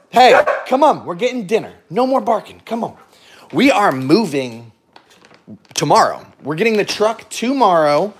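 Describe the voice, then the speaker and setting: Upbeat, chatty man hosting a live vlog. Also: a little high. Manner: upbeat, chatty, talks straight to viewers; laughs often, moving around the house with dogs. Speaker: channel host. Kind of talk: casual live stream vlog. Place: home, indoors and garage.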